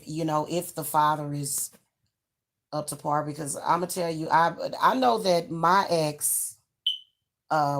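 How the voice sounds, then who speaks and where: A woman's voice: sits low, a bit bright. A middle-aged woman, giving frank advice to parents in a chatty way, full of fillers and restarts. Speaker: channel host giving advice. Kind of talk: casual advice talk to camera.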